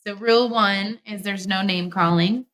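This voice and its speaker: A woman's voice: mid-range voice, fairly even intonation, moderate pace, a bit bright, slight background noise. A woman guest on a podcast, talking candidly and reflectively about her relationship, with frequent "like" fillers.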